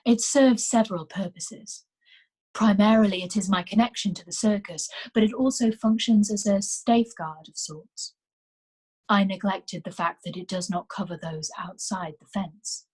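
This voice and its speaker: A woman reading aloud, voicing a courteous young man who is a guarded magician and speaks in a measured, formal way. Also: medium pitch, a little mellow, husky, lightly acted, low-quality recording. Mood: earnest.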